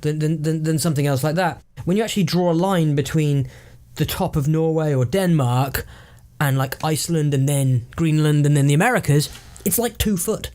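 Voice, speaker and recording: A man's voice: fairly high pitch, moderate pace, few pauses, darkish tone. Hesitant man with a raised voice. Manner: hesitant, restarts often, thinks aloud. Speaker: podcast co-host. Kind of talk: casual chat, improvised storytelling.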